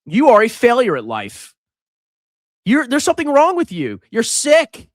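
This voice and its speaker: A man doing loud, sarcastic reaction commentary as a finance channel host, reading out and mocking viewer comments. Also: very high-pitched, huge pitch swings, measured pace, dry recording, clean studio sound.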